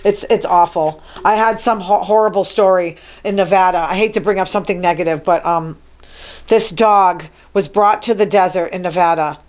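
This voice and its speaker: A woman's voice: on the low side, fairly even intonation, normal speed. A woman hosting her own talk show, reading news items from her notes and adding chatty, wry asides. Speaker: show host. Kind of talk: casual solo talk show monologue.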